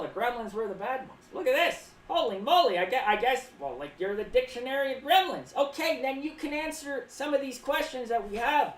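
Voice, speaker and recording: A woman's voice: high voice, distant mic. A woman streaming as a clown, casually rambling and reading chat aloud, often speaking of herself in the third person. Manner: rambling, playful asides. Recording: roomy, off-mic with faint background noise.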